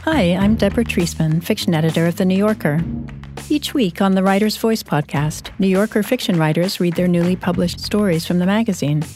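A woman hosts a literary podcast, reading a scripted announcement calmly and evenly in a slightly low voice. Faint music plays softly beneath her. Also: brisk. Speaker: podcast host and editor. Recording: faint music bed underneath.

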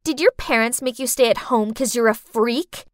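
A woman's voice: fairly high pitch, normal speed, no room sound, clean studio sound, natural voice. A woman voicing a mean teenage girl, a smug school bully who talks in a mocking, sneering way.

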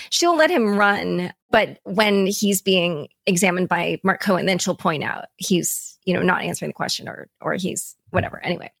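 A woman's voice: medium pitch, vocal fry, no echo, studio quality. A woman hosting a podcast interview, talking conversationally about a court case she attended. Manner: conversational, reacts with quick agreement. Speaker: podcast host.

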